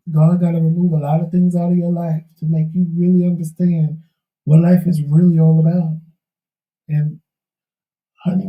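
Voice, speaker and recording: A man's voice: high voice, echoey room, distant mic, narrow, tinny audio. A man co-hosting a talk show, telling a candid life story in an emphatic, preachy way. He is losing his voice. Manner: preachy, emphatic, folksy Southern-tinged slang.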